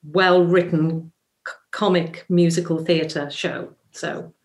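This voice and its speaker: A woman's voice: fairly low pitch, steady tone, takes it slowly. A Welsh woman, a musical theatre actress, telling a story in a chatty interview full of ums. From Wales. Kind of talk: casual interview anecdote.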